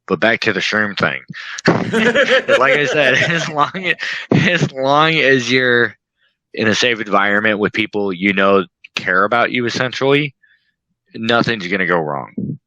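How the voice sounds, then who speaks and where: Bright-voiced man in casual chat. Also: medium pitch, very animated, measured pace, dry recording, rough recording. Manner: laughs often, acts out his own reactions. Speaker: podcast guest.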